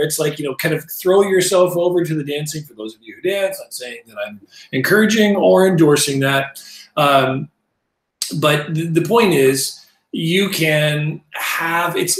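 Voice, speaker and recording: A man in his fifties gives a casual lesson on Bible language, wandering into asides and mocking himself along the way. His voice sits a little high for a man. The recording carries a roomy echo. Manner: digressive, halting, self-deprecating.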